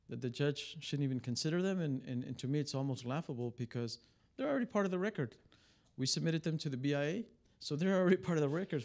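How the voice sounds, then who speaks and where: Gravelly-voiced male attorney briefing reporters. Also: medium pitch, darkish tone. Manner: conversational storytelling with many fillers and restarts. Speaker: immigration attorney. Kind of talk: press briefing talk. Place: press club briefing room.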